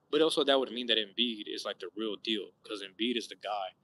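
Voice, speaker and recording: A young man chatting casually on a live stream, rambling loosely in slang with frequent swearing and sudden animated outbursts. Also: on the low side, a little fast, hardly any pauses, a little hiss or hum, low-quality recording. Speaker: vlogger chatting with live viewers. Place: outdoors at sunset.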